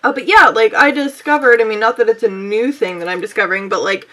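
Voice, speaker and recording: A young woman talks her way through a makeup look, rambling from one thought to the next and poking fun at herself. Her voice sits a little high and sounds bright and forward, and she keeps chatting casually to her viewers as she works. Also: fast talker. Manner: rambling, bubbly, self-mocking. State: sweaty and out of breath. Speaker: beauty vlogger.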